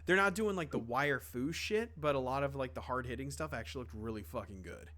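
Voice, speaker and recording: A man's voice: medium pitch, lively intonation, a little fast, sharp tone. A young man co-hosting a podcast, talking casually with lots of fillers, restarts and offhand swearing. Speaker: podcast co-host. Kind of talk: casual chat.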